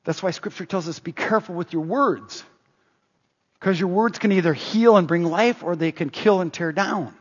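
A man preaching a sermon, telling a story in a chatty way with restarts, and rising loud on points of emphasis. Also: high voice, moderate pace, husky. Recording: dull echoey hall.

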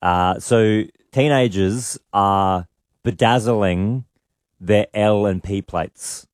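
A man with an Australian accent co-hosting breakfast radio, brisk as he runs the segment and takes calls. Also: lowish voice, dry recording, studio quality. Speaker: radio co-host. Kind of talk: casual breakfast radio chat.

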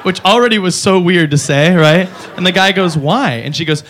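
A man doing a profane stand-up comedy routine on a club stage, exaggerated and animated, jumping into silly voices. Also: high voice, moderate pace. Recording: noisy live club recording.

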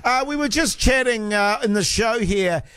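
A man's voice: high-pitched, moderate pace, a bit bright, clear, resonant tone, dry recording. A man hosting a radio show, chatty and easygoing with plenty of uhs, on a studio mic. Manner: chatty, easygoing, filler-heavy. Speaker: radio host. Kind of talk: casual radio banter.

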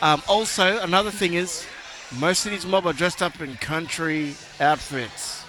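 A man's voice: fairly high pitch, a little slow. A man hosting a live outdoor radio broadcast from a school fair, chatty and jokey with frequent laughter. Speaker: radio host. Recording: loud music behind.

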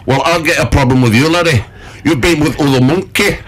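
A man voicing a jealous cheeky monkey with a put-on northern English accent, gruff and bossy, calling people laddie and lass. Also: on the high side, brisk, pitched above the performer's own voice.

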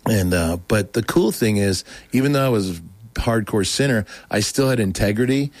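A man telling his personal story in a casual, animated way, acting out quoted dialogue with many restarts. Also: fairly low pitch, normal speed, no echo.

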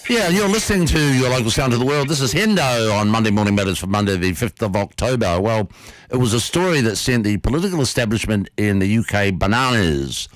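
A male radio host spins a yarn with playful energy. His voice sits low but swoops up and down expressively. The studio sound is close and dry. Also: brisk, no echo. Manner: animated, playful storyteller. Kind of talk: radio storytelling and interview.

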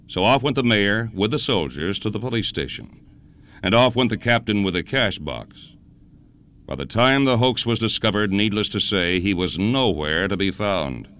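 A man hosting a radio show, telling a historical story in a measured, dramatic scripted narration. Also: on the low side, fairly bright tone, clean tone.

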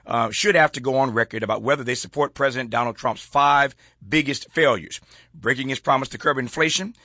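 A man's voice: mid-range voice, a little fast, bright, forceful tone, no echo, clean studio sound. A man hosting a political talk show, reading from a column and chuckling as he riffs on it. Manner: reads aloud then riffs, folksy and chuckling. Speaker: host.

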